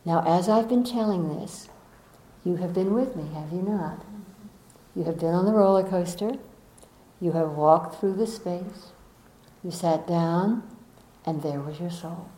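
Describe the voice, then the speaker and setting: Woman, spiritual teacher, gentle coaxing talk, rhetorical questions, echoey room. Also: lowish voice, measured pace, long pauses. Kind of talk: inspirational talk to a gathering.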